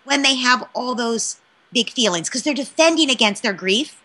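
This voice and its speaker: A woman speaking as a parenting expert in an interview, animated and often checking in with "right?". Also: fairly high pitch, normal speed, slight background noise. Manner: animated, keeps asking "right?". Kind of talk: interview answer, advice.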